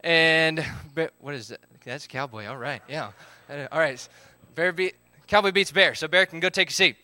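A man's voice: fairly high pitch, normal speed, sharp tone, no room sound. A man, leading a live group game, upbeat as he calls out counts and instructions.

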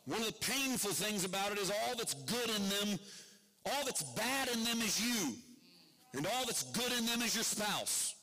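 A middle-aged man preaching a sermon in a church sanctuary, his voice bright and a little high. He swings between loud, emphatic passages and low, quiet asides, and a long reverb trails behind each phrase. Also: very animated, normal speed. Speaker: pastor. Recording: long reverb of a large hall.

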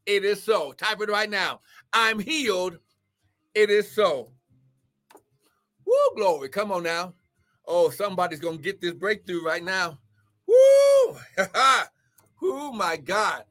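A man preaching as pastor and prophet on a live stream, fervent and shouting, breaking into tongues. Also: high-pitched, sing-song, a little slow, long pauses. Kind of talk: charismatic live-stream sermon. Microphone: live-stream microphone.

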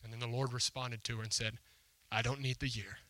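A man preaching to a congregation, retelling a story and voicing its lines with conversational emphasis. His voice is strikingly bright and forceful. The sound is close and dry, with little room echo. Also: medium pitch, little pitch movement, fairly quick. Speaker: pastor. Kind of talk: sermon. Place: church hall before a congregation.

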